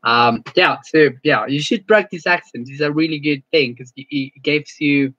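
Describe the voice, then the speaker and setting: A friendly male English teacher closes his online lesson with casual, stumbling chat full of repeated words. He sounds a little high and fairly bright, on lo-fi audio with no room sound.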